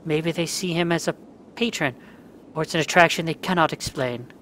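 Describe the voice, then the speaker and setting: A man's voice: a little high, normal speed, a bit bright, slight background noise. A man playing a story game, reading each part's dialogue aloud in his own voice and cursing when the controls glitch. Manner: reads every part in his own voice, breaks into angry outbursts at glitches. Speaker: let's play gamer.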